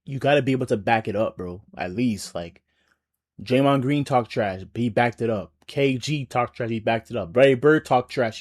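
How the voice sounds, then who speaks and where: Male reaction host, casual rambling delivery, slangy and loose. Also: medium pitch. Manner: laid-back slang-heavy rambling with lots of "bro". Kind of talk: casual chat.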